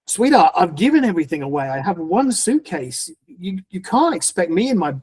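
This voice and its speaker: A man's voice: sits high, sing-song, moderate pace, darkish tone, slightly rough, exaggerated voice. A man quoting his worried wife as an anxious, pleading young mother while retelling a story.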